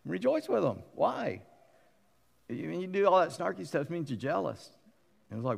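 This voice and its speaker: Middle-aged male pastor, raised pitch, gravelly edge; lively, joking sermon delivery, recorded in a sanctuary with long reverb. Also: moderate pace. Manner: conversational and animated, acting out quotes with humorous asides. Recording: long reverb of a large hall.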